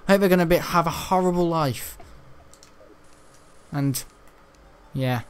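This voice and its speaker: A man giving rambling, chatty gameplay commentary, laughing often and breaking into excitable outbursts. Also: on the high side, unhurried, clear, resonant tone. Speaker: gaming channel host.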